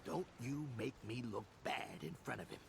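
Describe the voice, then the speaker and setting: A gravelly goblin boss. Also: male voice, medium pitch, lively intonation, moderate pace, noisy background. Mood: bossy. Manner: bossy, wisecracking. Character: gruff male goblin boss, brash. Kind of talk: video game voice acting.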